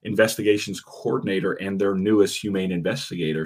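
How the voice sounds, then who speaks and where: A man hosting a podcast, telling stories in a relaxed way with frequent fillers. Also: low-pitched, a little fast, breathy edge. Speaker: podcast host and animal protection officer. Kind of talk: casual podcast chat.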